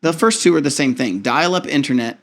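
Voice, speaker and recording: A man's voice: medium pitch, brisk, creaky, a bit bright. A man, a pastor co-hosting a casual podcast and teasing his wife. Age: 30s. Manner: laid-back, self-deprecating, teasing. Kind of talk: casual chat.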